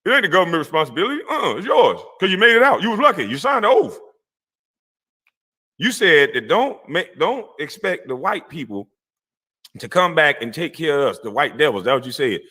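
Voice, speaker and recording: A man's voice: a little high, sing-song, normal speed, sharp tone, breathy edge. A man ranting on a livestream, profane, mocking and confrontational, laughing scornfully between lines. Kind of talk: heated livestream rant.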